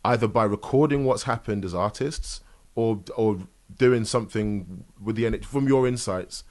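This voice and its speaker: A man hosting a casual interview, talking in a soft, reflective way that often drops to a murmur. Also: on the low side, normal speed. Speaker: host. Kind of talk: casual video-call interview.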